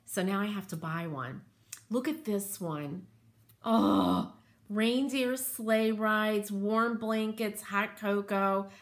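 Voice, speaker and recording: A craft channel host with a mid-range voice takes it slowly as she chats casually, show-and-tell style. She gushes enthusiastically and drifts into asides along the way.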